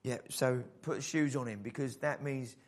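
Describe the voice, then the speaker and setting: A man preaching a sermon in an animated style, acting out the voices in the story. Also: mid-range voice, normal speed. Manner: animated preaching, acts out the father's voice. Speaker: pastor.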